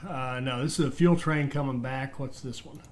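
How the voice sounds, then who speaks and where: A man's voice: medium pitch, steady tone, normal speed, slight background noise. Man rambling through a let's-play. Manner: rambling, thinks aloud with fillers and restarts. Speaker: game commentator. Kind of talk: casual let's-play commentary.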